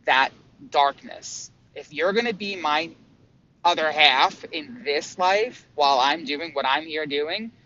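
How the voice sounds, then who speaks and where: A man vlogging about his spiritual experiences in a casual, excitable way, swearing freely and often stumbling over restarts. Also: fairly high pitch, slow. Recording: dull lo-fi sound with faint hum.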